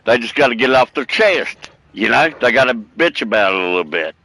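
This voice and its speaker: A man's voice: mid-range voice, big pitch swings, brisk, bright, forceful tone, rough recording. A middle-aged man in casual stream chat, blunt and profane, hammering his points home. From United States. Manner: blunt, profane, preachy and emphatic.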